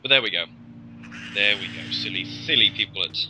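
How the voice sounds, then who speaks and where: A man's voice: lowish voice, fairly quick, noisy background. A man hosting a casual let's-play, rambling and joking with plenty of ums. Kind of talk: casual gameplay commentary.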